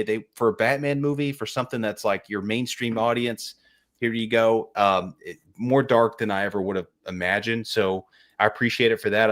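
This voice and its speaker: A man co-hosting a casual movie podcast, enthusiastic and rambling. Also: lowish voice. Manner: enthusiastic, rambling, lots of fillers. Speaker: podcast co-host. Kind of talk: casual chat.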